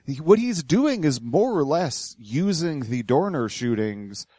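A man's voice: fairly high pitch, very animated, a little slow, dark tone, no echo. A man co-hosting a podcast, giving dry, sarcastic commentary. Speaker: podcast co-host. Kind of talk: casual commentary.

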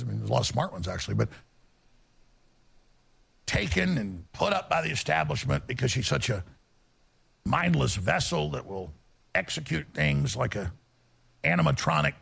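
A bombastic broadcaster with a deeply gravelly, raspy voice. His pitch lurches wildly from low growls to high yelps as he rants theatrically in a played archive clip. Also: fairly bright tone. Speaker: talk radio host.

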